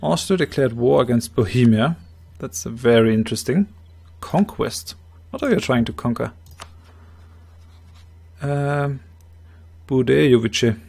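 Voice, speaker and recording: A man with a slightly hoarse voice calmly explaining his moves, thinking aloud in a strategy game let's play. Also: mid-range voice, a little slow. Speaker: game commentator.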